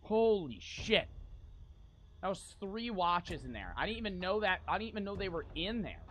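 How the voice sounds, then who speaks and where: High, bright-voiced swearing streamer guy. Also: lively intonation, normal speed, a little hiss or hum. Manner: frustrated, swearing, talking to chat. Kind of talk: live gameplay commentary.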